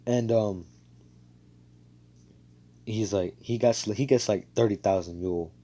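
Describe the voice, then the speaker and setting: A man with a low, mellow voice tells a fan story in a loose, rambling way. He fills gaps with "like" and "you know" and swears casually. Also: unhurried, highs cut off. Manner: rambling, full of fillers and swearing.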